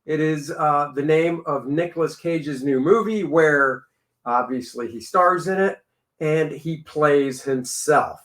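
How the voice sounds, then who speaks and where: A man's voice: fairly high pitch, takes it slowly, a bit bright. A man co-hosting a casual movie review chat, chatty and joking.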